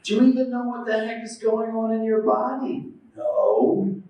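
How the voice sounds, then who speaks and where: A preacher with a high voice delivers a devotional talk in a temple hall. He tells stories, acts out the voices he quotes and keeps asking the audience questions. He is heard from some way off, in a strongly echoing room with a faint hum of ambience. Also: a little fast, dull audio. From United States. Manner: lively storytelling, acting out quoted voices. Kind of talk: devotional lecture. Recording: very echoey hall, mic at a distance.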